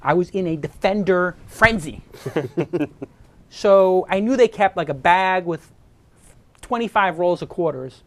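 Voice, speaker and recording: A man's voice: sits high, a little slow, long pauses. A man from New York hosting a talk show, telling a personal story in an earnest, emotional way with frequent restarts. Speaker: host. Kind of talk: casual chat.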